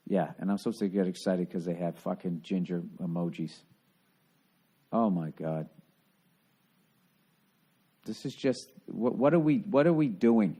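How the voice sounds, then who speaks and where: Unhurried and prone to frequent pauses, this Boston podcast host speaks in a lowish, slightly mellow voice. Alone on the mic, he rambles through a profane, sarcastic rant.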